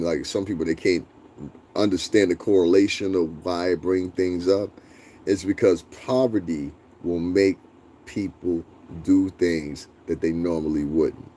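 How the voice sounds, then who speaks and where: A man's voice: sits low, unhurried, slight background noise. A man hosting a livestream, ranting bluntly and profanely and answering his chat. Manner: profane, blunt, animated, talks back to chat. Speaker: livestream host.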